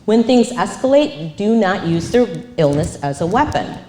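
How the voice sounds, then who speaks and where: A woman's voice: mid-range voice, normal speed. A woman counselor giving a live presentation, acting out the phrases she quotes. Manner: animated, acts out quoted phrases. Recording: echoey room.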